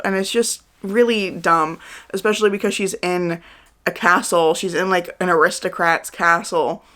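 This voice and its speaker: A book vlogger of around thirty gives a casual monthly reading wrap-up, chatty and candid and packed with "like" fillers. The voice is medium-pitched with a fairly bright tone.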